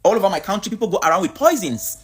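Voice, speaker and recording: A woman's voice: mid-range voice, big pitch swings, rapid-fire, slightly rough. A woman from Cameroon, giving a blunt, outspoken vlog monologue. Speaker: vlogger.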